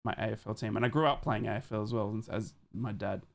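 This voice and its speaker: An Australian man hosting a live football watch-along. He talks to his viewers in a chatty, excitable way, swears casually and calls the match as it happens. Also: fairly low pitch, fast talker, creaky. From Australia, born in Adelaide. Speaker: live stream host.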